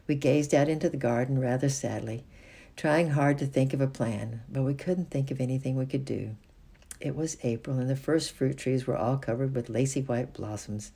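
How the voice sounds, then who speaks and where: A gravelly, husky storybook reader. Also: mid-range voice, dark tone. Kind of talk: storybook reading.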